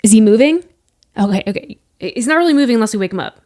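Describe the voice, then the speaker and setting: A woman's voice: on the high side, fast, no room sound, clean studio sound. A young adult woman hosting a podcast, casually and animatedly telling a story with lots of filler words. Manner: animated, breathless retelling with frequent "like" fillers. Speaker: podcast host.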